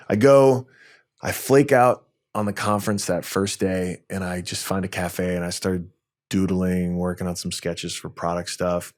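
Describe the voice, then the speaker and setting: A man in his forties from New York, a tech entrepreneur guest telling lively stories in a podcast interview. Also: low voice, measured pace. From New York, USA. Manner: lively anecdotal storytelling, acts out dialogue.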